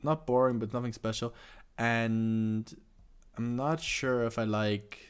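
A man's voice: medium pitch, fairly even intonation, slow pace, smooth. Hesitant man reacting to music. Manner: hesitant, many fillers and restarts. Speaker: reaction video host. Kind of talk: casual reaction commentary.

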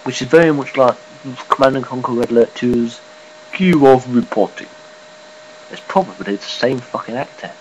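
A man giving a casual, rambling vlog update, swearing offhandedly and filling pauses. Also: mid-range voice, a little hiss or hum, poor audio. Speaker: gaming and news vlogger.

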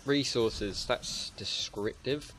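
A man's voice: medium pitch, slow, a bit bright, a little hiss or hum. A young man giving casual let's-play commentary, swearing freely and muttering to himself as he plays. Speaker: gaming channel host.

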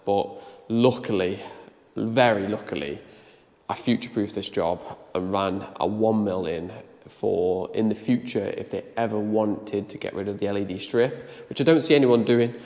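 Man, low voice, casual vlog chat, a bit under the weather, reverberant empty room. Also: moderate pace, darkish tone. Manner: chatty, self-deprecating, explains as he goes. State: a bit ill, tired. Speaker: electrician vlogger. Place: building site and van, handheld camera.

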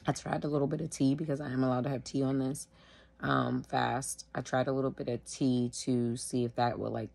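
A sick woman at home, wheezing and short of breath, talking casually to the camera in a tired, slow way. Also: extremely low pitch, creaky, dark tone. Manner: tired, slow, filler-heavy. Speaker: vlogger sharing her illness.

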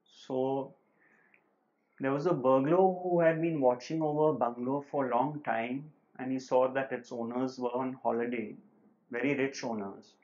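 A man giving a relaxed, conversational spiritual talk at home. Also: medium pitch, moderate pace, lo-fi sound. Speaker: spiritual teacher. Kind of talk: informal talk on non-duality with a joke. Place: home living room.

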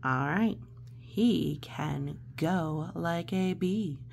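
A woman reading a children's picture book aloud slowly and playfully, chatting about the pictures and acting out the silly noises. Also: on the low side, gravelly, slight background noise. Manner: slow, gentle, playful, acts out noises.

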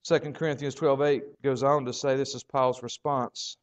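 A man preaching a sermon as pastor, building phrases through repetition and dramatic pauses. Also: medium pitch, little pitch movement, muffled recording.

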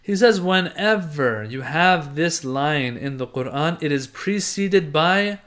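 A middle-aged man teaching a religious class, explaining a text with lively emphasis, rhetorical questions and everyday examples. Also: on the high side, slow. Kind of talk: explanatory lecture reading from a text.

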